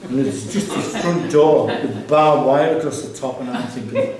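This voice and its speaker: With a crowd audible behind him, an artist-curator speaks at normal speed in a mid-range voice during an informal gallery talk. He rambles through personal anecdotes, restarting sentences and using fillers, and the echoey room is captured from far away.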